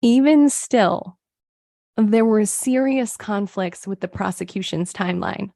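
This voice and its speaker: A woman narrates a true crime case for a podcast, mid-pitched and reading steadily from her notes. The recording is close and dry, with no room sound. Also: unhurried, gravelly, mellow, no room sound. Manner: reads case details from a script, quoting sources. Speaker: podcast co-host.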